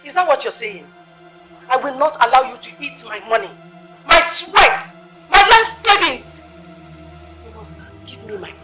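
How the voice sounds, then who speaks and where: A desperate wife who begs and insists. Her voice is fairly high and bright with a sharp edge. Soft music hums in the background. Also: very animated, quick pace, hardly any pauses. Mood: angry. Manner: pleading and insistent. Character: desperate married woman owed her savings. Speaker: investor. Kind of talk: film drama acting.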